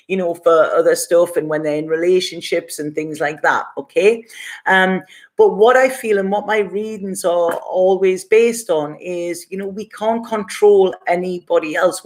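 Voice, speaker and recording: A woman talks her way through a live-stream tarot reading in a loose, rambling, chatty manner, breaking into small laughs. Her voice sits at an ordinary middle pitch. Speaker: tarot reader.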